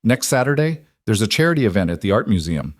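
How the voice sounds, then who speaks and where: A man's voice: lowish voice, big pitch swings, fast, dry recording, clean studio sound. A man voicing a self-assured woman executive in audiobook dialogue, firm and direct. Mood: earnest.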